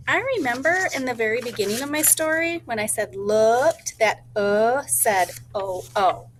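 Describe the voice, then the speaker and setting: A woman teacher thinking aloud in a gentle voice and slowly sounding out words as she models a writing lesson for young children. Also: fairly high pitch, slight background noise. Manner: slow, deliberate sounding-out of words.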